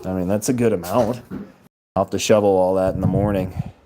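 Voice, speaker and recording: A man's voice: low-pitched, steady tone, brisk, noisy background. A man hosting a casual live stream, chatting loosely with viewers and greeting them by name, often laughing as he talks into a handheld phone.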